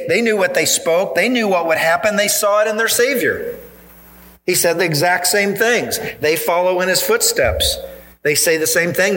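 Man preaching in church, kinda high voice, bright and forceful, keeps hammering the point. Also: rough recording. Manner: earnest, emphatic preaching with pointed repetition. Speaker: pastor. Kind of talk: sermon.

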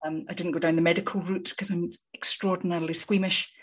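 A woman, a psychologist, explaining her field in a measured, articulate way with frequent ums. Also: lowish voice, level tone, slightly rough. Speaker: psychologist guest. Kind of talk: conversational expert explanation.

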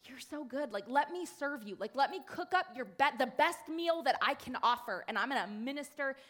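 Bright-voiced woman giving a lively talk. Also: high-pitched, moderate pace. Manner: animated storytelling with many fillers. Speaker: church speaker. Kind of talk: sermon-style talk to a congregation.

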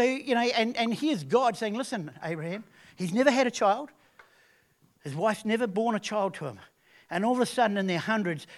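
A man preaching a sermon, retelling a story in a lively way with frequent restarts. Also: high voice.

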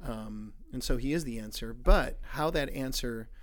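A man joining as a guest in a casual discussion, explaining his thoughts in a measured way. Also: medium pitch. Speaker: guest, ministry colleague.

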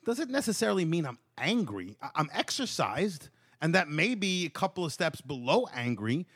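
A man's voice: a little high, big pitch swings, normal speed, a bit bright, breathy edge, no echo. A man in casual chat who stammers and sounds defensive.

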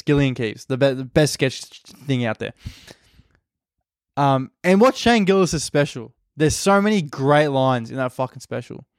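A young Australian man hosts a podcast, rambling crudely and poking fun at himself in a casual comic monologue. His voice is a little high, recorded dry on a close mic.

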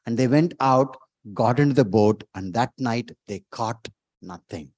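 A man preaching a sermon as pastor, emphatic, repeating words and rising to loud exclamations. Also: medium pitch, measured pace, no room sound.

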